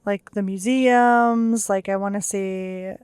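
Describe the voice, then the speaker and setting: A woman's voice: mid-range voice, steady tone, slow pace, a little mellow, smooth, no echo. A young woman co-hosting a podcast in casual chat, chatty and laughing often, with lots of "like" fillers. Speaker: podcast co-host.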